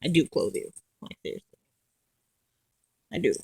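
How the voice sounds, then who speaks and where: A woman's voice: normal speed, warm tone, no room sound, rough recording. A woman at home talking to her dogs in cooing baby talk. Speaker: dog owner.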